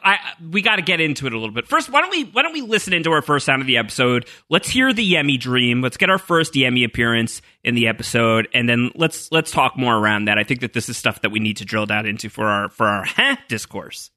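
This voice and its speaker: Animated man with a bright voice. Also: mid-range voice, no room sound, clean studio sound. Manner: animated, quick, many fillers. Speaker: podcast host. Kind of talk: casual podcast chat.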